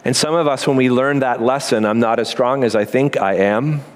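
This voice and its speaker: A man preaching a sermon as pastor, earnest and emphatic, with quick asides and slow pauses. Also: mid-range voice.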